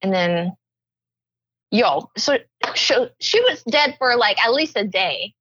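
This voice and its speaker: A woman's voice: on the high side, expressive, slow pace, fairly bright tone, slightly rough, no room sound. A woman co-hosting a casual podcast who rambles as she works through her thoughts, dropping "like" again and again. Her voice comes through dull and lo-fi, with a close, dry sound. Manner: rambling, leans heavily on "like". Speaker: podcast co-host. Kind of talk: casual chat.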